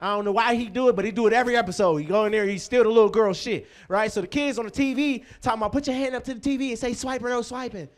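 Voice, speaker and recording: A man's voice: very high-pitched, racing, hardly any pauses. A man hosting a comedy show, telling profane stand-up stories and bantering with the crowd.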